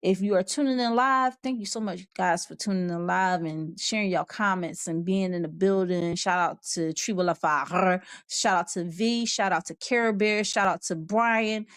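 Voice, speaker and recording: On a dry recording, a woman with a mid-range voice runs a casual livestream. Her talk wanders loosely, and she laughs a lot while reading out comments from viewers.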